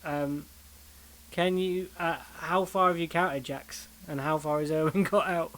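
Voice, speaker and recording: A man running a tabletop game as dungeon master, describing scenes in a halting way with many fillers. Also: on the high side, fairly even intonation, fairly bright tone. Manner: halting, full of ums and likes. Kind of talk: casual game narration.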